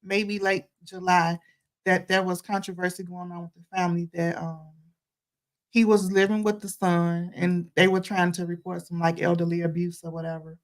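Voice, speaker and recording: A woman on a casual faith and news chat, explaining the news carefully with many pauses and ums. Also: fairly low pitch, level tone. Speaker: panelist on a faith and news show.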